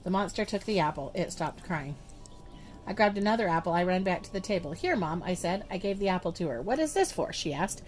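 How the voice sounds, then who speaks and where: A woman's voice: lowish voice, brisk, a little mellow, faint music behind. Woman reading a kids' book aloud. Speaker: storybook reader. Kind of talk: children's book read-aloud.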